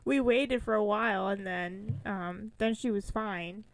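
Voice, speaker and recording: A young woman co-hosting a casual chat, telling stories with animated acted-out quotes. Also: medium pitch, unhurried. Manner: animated storyteller, acts out quotes with big jumps. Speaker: podcast co-host.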